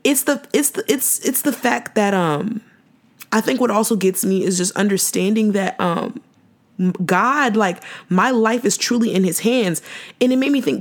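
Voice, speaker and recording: A woman's voice: medium pitch, normal speed. A young woman hosting a podcast, giving an impassioned faith testimony in a repetitive, slangy preaching cadence. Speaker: podcast host.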